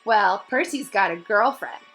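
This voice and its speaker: An eager young girl blurts out a secret in a slightly higher, livelier voice, as a woman reading aloud puts her on. She sounds keen to tell and a little worried about it, pitched around the middle. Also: animated, unhurried, creaky, over loud music, rough recording. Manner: eager, slightly brighter and louder than the narration. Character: chatty, anxious young girl sharing a secret.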